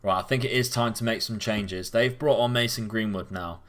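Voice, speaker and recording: A young man, casually commenting as he plays a football management game, chatty and given to sudden loud cheering. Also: lowish voice, normal speed. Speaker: gaming commentator.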